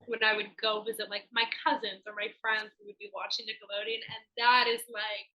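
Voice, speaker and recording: A young adult woman, a singer-songwriter guest on a video call, telling stories in a giggly, animated way with lots of "like". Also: mid-range voice, fairly quick, poor audio. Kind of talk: casual interview chat.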